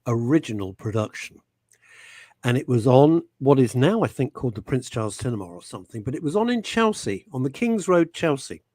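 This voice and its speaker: A man's voice: mid-range voice, big pitch swings, fairly quick, a little mellow, no room sound. A man hosting a talk show, bantering and teasing in a theatrical way. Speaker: host.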